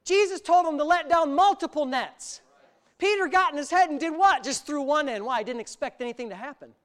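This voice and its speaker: A male pastor preaching an animated sermon, exclaiming often and laughing through his stories. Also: extremely high pitch, a little fast.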